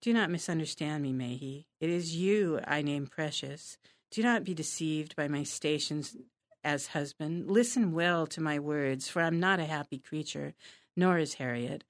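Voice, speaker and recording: A woman's voice: sits low, measured pace, no echo, clean studio sound. A woman reading aloud as a passionate, brooding young male poet, dramatic and impassioned.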